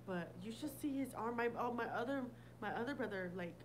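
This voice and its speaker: A woman's voice: fairly high pitch, expressive, brisk, slight background noise, poor audio. Blunt, foul-mouthed woman livestreamer. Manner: blunt, profane, laughing often; reads and answers viewer comments. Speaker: livestream host. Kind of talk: casual livestream chat.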